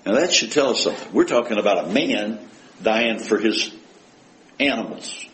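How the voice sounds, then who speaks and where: A man preaching a sermon to his congregation. He talks with emphasis, asking rhetorical questions and quoting scripture with rising force, then sinking to a hushed voice for heartfelt prayers. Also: on the low side, normal speed, rough recording.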